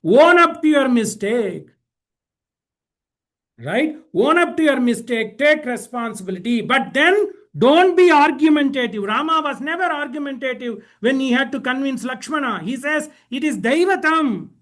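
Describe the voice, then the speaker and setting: A man, a professor, giving an emphatic spiritual lecture and chanting scripture verses in quick bursts. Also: extremely high pitch, animated, a bit bright.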